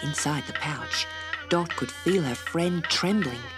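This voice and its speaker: A woman narrating a children's storybook in an expressive, measured way. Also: deep voice, over loud music.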